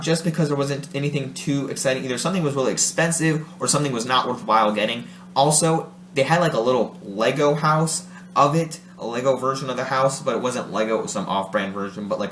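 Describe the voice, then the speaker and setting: In a roomy space with a faint hum, a man from Ohio, USA, talks to his vlog audience in a mid-range, fairly bright voice. His casual monologue rambles, with frequent self-corrections and laughter.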